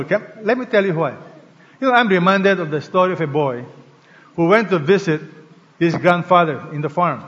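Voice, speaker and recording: High-voiced preacher in an echoing church. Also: male voice, a bit bright. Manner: preaching with call-and-response prompts to the congregation. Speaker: pastor. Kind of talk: sermon. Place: large church hall. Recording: long hall reverb, slightly dull sound.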